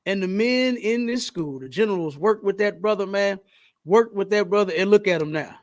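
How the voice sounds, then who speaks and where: A man's voice: high voice, normal speed, darkish tone. A man hosting a podcast in casual chat, talking in an emphatic, preachy way and repeating his points. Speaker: podcast host.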